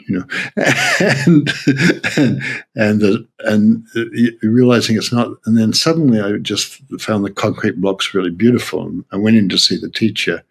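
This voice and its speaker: An older man with an Australian accent telling stories in an interview, halting with many restarts and frequent laughs. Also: on the low side, vocal fry, breathy edge. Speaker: Zen teacher. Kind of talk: reflective interview storytelling.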